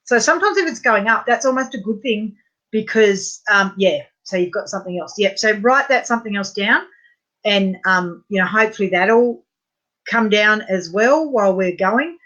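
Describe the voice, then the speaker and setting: A woman leading a guided tapping session, chatting informally and then saying gentle, repetitive statements for listeners to echo. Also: mid-range voice, lively intonation, normal speed, muffled recording. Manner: chatty and informal, with frequent fillers. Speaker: EFT tapping practitioner.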